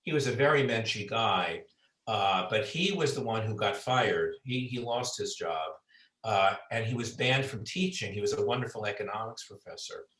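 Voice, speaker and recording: A man's voice: on the low side, moderate pace, fairly bright tone. A man, an author, chatting about his book with lots of fillers and restarts, heard over a video call. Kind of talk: conversational book talk. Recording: roomy sound, far from mic.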